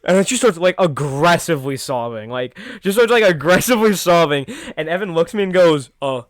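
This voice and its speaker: A man with a somewhat higher voice rambles through a story on a casual podcast. He swears freely, laughs mid-sentence and restarts his thoughts often. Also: expressive, a little fast. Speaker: podcast co-host. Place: indoor podcast setup.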